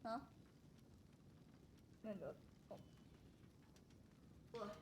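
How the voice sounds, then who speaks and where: A woman streaming a roleplay game, chatting casually to her viewers in an animated, giggly way. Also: mid-range voice, extremely slow, noisy background.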